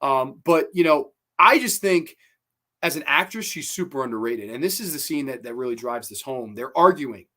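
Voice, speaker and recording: A man hosting his own show, casually reviewing a horror film, excitable and swearing freely, with many fillers and repeated words. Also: medium pitch, moderate pace.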